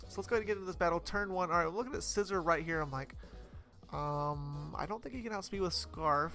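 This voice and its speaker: A man's voice: a little high, a little fast, gravelly, sharp tone, soft background music. A young man giving casual gameplay commentary over his own battle, rambling and chatty with frequent fillers and self-corrections. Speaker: competitive Pokemon player commentating his battle.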